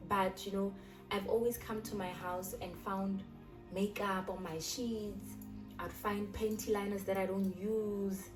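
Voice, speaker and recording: A woman's voice: mid-range voice, moderate pace. A young South African woman casually retelling a personal story, acting out the lines of the people in it. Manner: animated retelling, acting out quoted dialogue. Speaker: YouTuber. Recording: echoey room, distant mic, background music.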